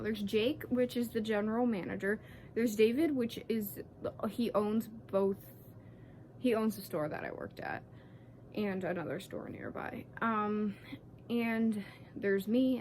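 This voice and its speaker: A woman's voice: mid-range voice, darkish tone, slight background noise. A sixteen-year-old girl telling a story in a chatty, casual vlog, fired up and swearing freely. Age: teens. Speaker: vlogger.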